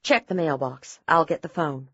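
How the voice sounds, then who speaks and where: A woman's voice: deep voice, expressive, normal speed, fairly bright tone, breathy edge, no room sound, dull audio, full character voice. A woman voicing a young wife who is tender at first and then desperate, pleading and crying out. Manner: pleading, sobbing cries. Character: young wife, loving then grief-stricken.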